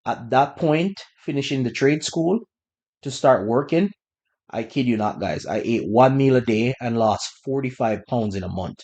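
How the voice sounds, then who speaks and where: A man hosting a podcast, telling a personal story in a relaxed, conversational way with bursts of laughter. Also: medium pitch, normal speed, highs cut off. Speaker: podcast host. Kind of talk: casual storytelling.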